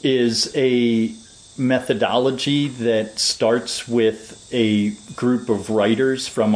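A man giving long, measured, lecturing answers as a permaculture designer in an interview. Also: fairly low pitch, darkish tone, low-quality recording.

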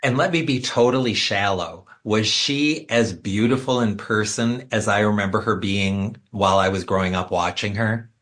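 Male interviewer, lowish pitch, enthusiastic and complimentary. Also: normal speed, hardly any pauses, a bit bright. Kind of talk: conversational interview.

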